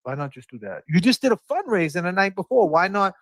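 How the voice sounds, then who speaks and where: A man's voice: sits high, very animated, quick pace, a bit bright, no echo. Heated male guest, dry close sound. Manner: heated, repeats "like", stumbles and restarts. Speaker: guest commentator. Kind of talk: casual stream talk.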